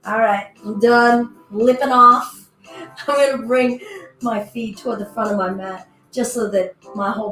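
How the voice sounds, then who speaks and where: A fairly high-voiced woman leads a yoga class in an echoey room, soft music playing faintly behind her. She talks casually and playfully, cueing stretches and giving her breath and hips little voices of their own. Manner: playful, chatty, voices her body parts in little asides. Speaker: yoga teacher. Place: indoor room, virtual class.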